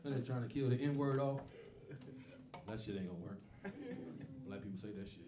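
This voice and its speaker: A man doing a stand-up comedy set, telling stories loudly and profanely and acting out other people's voices, with a laughing audience. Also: medium pitch, moderate pace, recorded from a distance. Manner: loud profane storytelling, acts out voices. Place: comedy club stage. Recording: echoey club, mic off from speaker, crowd noise.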